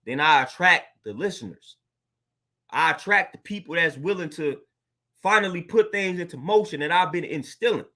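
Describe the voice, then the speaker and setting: A man's voice: on the high side, a bit bright. A man giving a casual, earnest motivational talk as a coach, preaching and often calling listeners "man" and "fam".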